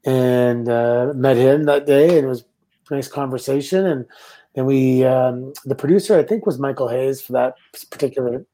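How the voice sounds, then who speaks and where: A middle-aged Canadian man, a former wrestler, telling relaxed anecdotes with laughs as a guest. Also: medium pitch, moderate pace. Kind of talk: casual storytelling.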